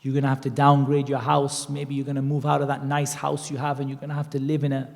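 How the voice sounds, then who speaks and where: A man giving an animated, conversational Islamic lecture, sometimes acting out the voices he quotes. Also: mid-range voice, fast talker, gravelly, long reverb tail. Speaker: preacher. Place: mosque lecture hall.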